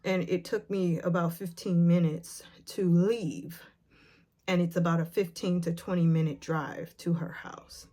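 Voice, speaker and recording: Low, mellow-voiced woman telling a painful story. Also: steady tone. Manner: halting, with many fillers and restarts; retells scenes by acting out the quotes. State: emotional, nervous as she retells. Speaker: vlogger. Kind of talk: personal storytelling to camera.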